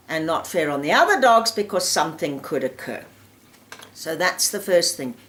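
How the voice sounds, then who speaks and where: A woman giving firm, practical advice on dog handling, acting out owners' lines in quick quotes. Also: medium pitch. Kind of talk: advice talk to camera.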